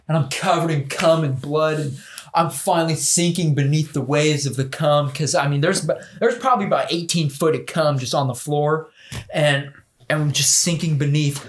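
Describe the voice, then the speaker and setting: A man's voice: a little high, moderate pace. A man hosting a casual podcast, telling a crude, rambling story through laughter. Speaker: podcast host. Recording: echoey room with background noise.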